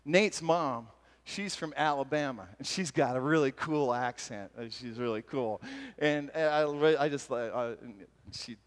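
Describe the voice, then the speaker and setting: A man giving a talk at a retreat, telling personal stories in a lively, self-deprecating way with frequent laughs. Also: medium pitch, a little slow. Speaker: retreat speaker. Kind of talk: storytelling sermon talk. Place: large hall at a retreat. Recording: long hall reverb from a live talk.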